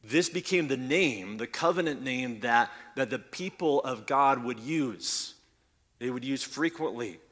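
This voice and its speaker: Bright-voiced male preacher teaching. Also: mid-range voice, animated, a little slow. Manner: teaching, repeats words when restarting, grows loud on scripture quotes. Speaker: pastor. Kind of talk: sermon.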